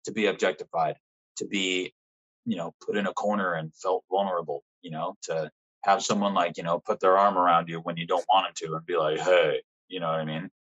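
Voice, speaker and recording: A man speaking as a podcast guest, candid and reflective, with halting restarts and frequent apologies. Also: low voice, a bit bright. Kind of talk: candid personal conversation. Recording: dull lo-fi sound.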